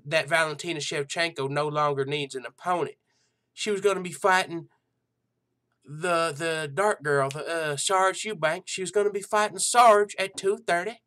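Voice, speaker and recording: A man doing a brash, teasing hillbilly show host with an exaggerated country drawl. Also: sharp tone. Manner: high, brash, teasing, calls people honey and sweetie. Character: loud sassy hillbilly man hosting a fight show. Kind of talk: comic impression.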